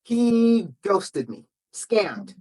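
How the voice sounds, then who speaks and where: A woman from Salt Lake City, a guest author telling a personal story in a lively, emphatic way. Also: mid-range voice. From Salt Lake City, Utah. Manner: lively, emphatic, quick to act out quotes.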